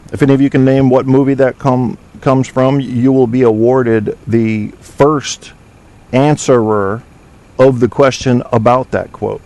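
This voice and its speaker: A man with a medium-pitched, darkish voice speaks at a moderate pace as he hosts a podcast from his home studio. The talk is casual and rambling, with provocative jokes and lots of fillers.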